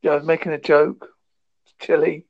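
A man's voice: a little high, level tone, normal speed, gravelly, slightly rough. A man from England with an Essex accent, chatting casually and joking with a friend. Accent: Essex English. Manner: jokey, slips into silly put-on voices. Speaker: chat partner. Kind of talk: casual chat. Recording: dull lo-fi sound.

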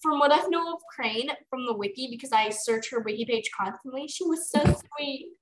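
A woman's voice: high voice, moderate pace, a little hiss or hum. A woman co-hosting a podcast, reading a novel aloud over a video call and stopping for casual chat, flustered and apologetic when teased. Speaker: podcast co-host.

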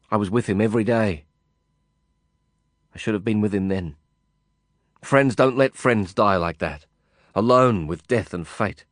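A man reading a first-person novel aloud in a measured, brooding way. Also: fairly low pitch, no echo, studio quality. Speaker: audiobook narrator.

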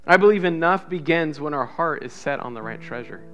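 A man preaching a sermon as pastor, swinging between loud emphatic repetition and soft hushed lines, and leading the congregation in call-and-response. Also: a little high, expressive, fairly quick. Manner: builds to loud emphatic repetition, drops to soft near-whispers.

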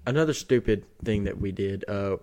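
Young man telling a story, dark low voice. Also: a little fast. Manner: animated storyteller, many likes and restarts. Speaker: podcast co-host. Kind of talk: casual storytelling chat.

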